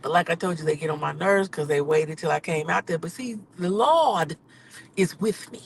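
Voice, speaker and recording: A woman podcaster and rideshare driver venting in a casual live vlog from her car, swinging from low mutters to loud exclamations. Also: moderate pace, gravelly, a little hiss or hum, rough recording. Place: in a car on city streets.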